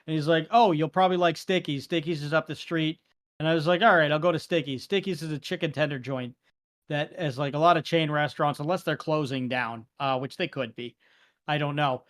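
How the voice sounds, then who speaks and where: Brief: man, podcast co-host, high pitch, animated chatty storyteller. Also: a little fast. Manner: animated storytelling, acts out quoted exchanges. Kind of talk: casual chat.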